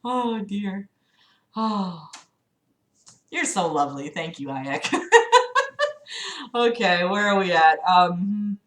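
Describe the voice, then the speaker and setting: A woman's voice: lowish voice, animated, takes it slowly, pauses often. A young woman livestreaming, reading a novel aloud and breaking off into sarcastic, swearing commentary. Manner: sarcastic, swearing, exasperated asides. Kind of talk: casual read-aloud with commentary. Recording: roomy echo.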